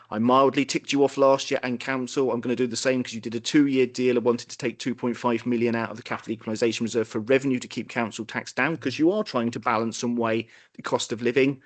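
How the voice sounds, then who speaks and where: Flat-voiced male finance officer, quick and dry. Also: medium pitch. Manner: quick talking, dry humour. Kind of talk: formal budget briefing with wry asides. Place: council meeting room.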